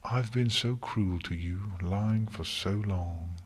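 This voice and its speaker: A man's voice: lowish voice, slow pace, slightly rough. A man voicing a guilty, pleading pony princess. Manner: soft, pleading, tender. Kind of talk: audiobook character reading.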